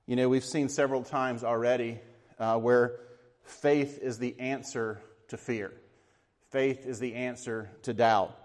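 A man preaching a sermon with a voice of middling pitch. He talks in an earnest, reflective way and sometimes sinks to a hushed tone. The voice rings with the long reverb of a large hall. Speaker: pastor.

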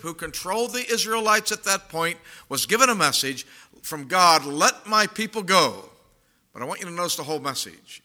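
Male pastor, high bright voice, emphatic sermon delivery with slow drawn-out pauses.

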